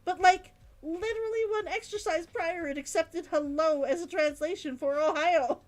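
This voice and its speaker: A woman's voice: very high voice, normal speed. A woman streamer chatting casually on a live stream, musing aloud and reading out chat comments.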